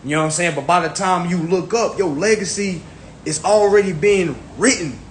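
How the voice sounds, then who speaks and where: At a normal speed, a social media livestreamer with a high-pitched voice talks casually, swearing emphatically and repeating phrases often. The room is echoey, with faint background noise.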